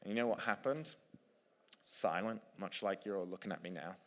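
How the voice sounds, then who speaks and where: A man, an author and speaker, telling a story to a live audience, lively and with frequent restarts. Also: lowish voice, normal speed, long reverb tail. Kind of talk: storytelling talk on stage.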